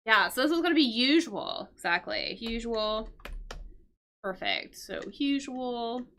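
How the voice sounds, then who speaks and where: A woman's voice: on the high side, animated, a little slow, a bit bright. A woman teaching English vocabulary on a live stream, explaining words patiently, checking in with "right?" and answering her chat.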